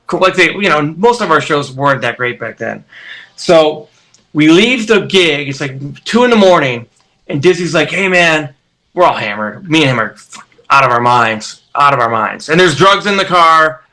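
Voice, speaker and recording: A man's voice: on the high side, moderate pace. A man in his forties, a musician guest, telling road stories casually and acting out the quotes. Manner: animated storyteller, acts out quotes. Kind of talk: casual interview storytelling.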